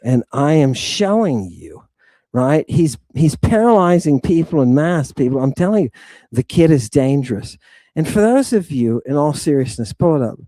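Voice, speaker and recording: A man hosting a dramatic lecture, swinging from hushed asides to ranting, and swearing freely. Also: fairly high pitch, big pitch swings, normal speed, no room sound. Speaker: host lecturing on ancient texts. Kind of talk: dramatic lecture to an online audience.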